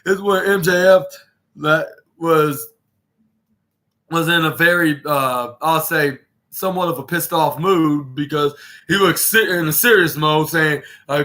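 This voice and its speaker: A man's voice: on the high side, unhurried, sharp tone. A man hosting a podcast, recapping a wrestling show in a rambling, casual way with lots of fillers and restarts. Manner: rambling, many fillers and restarts, acts out quotes. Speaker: podcast host.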